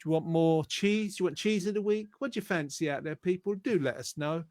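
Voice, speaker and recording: A man's voice: fairly high pitch, fairly quick, darkish tone, no room sound, studio quality. A man hosting a casual online show, chatty and teasing in a friendly way. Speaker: host.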